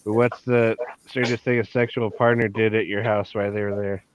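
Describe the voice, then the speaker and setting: A man hosting a podcast, reading questions in a flat, easygoing way. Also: lowish voice, a little fast, heavy background noise. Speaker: podcast host asking questions. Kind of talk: casual chat. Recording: slightly dull audio.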